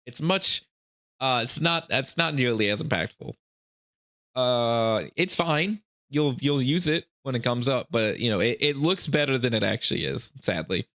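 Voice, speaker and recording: A man talking casually through game rules for his channel, in a mid-pitched voice. He rambles with many restarts and small laughing asides. He has the hiccups. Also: animated, normal speed, pushed and bright. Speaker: gaming channel host. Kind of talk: casual rules breakdown commentary.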